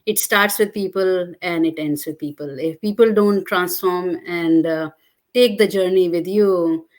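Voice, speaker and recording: A woman with a somewhat low voice, speaking as a guest in a conversational interview. She explains her points earnestly. She pauses often on filler sounds as she gathers her thoughts. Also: a little mellow. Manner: earnest, explanatory, with frequent hesitations. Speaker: guest, digital transformation leader.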